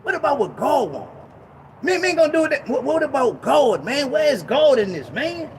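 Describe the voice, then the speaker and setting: A man preaching an informal Bible teaching sermon, emphatic and slangy, repeating himself and breaking into shouted bursts. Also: very high-pitched, big pitch swings, moderate pace, a little hiss or hum.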